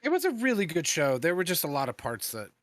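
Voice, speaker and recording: A man chatting casually on a podcast, mostly chiming in with short agreements and quick laughs. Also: on the high side, huge pitch swings, a bit bright, dry recording, studio quality. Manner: brief agreeing interjections, easy laugh. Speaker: podcast panelist. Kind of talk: casual chat.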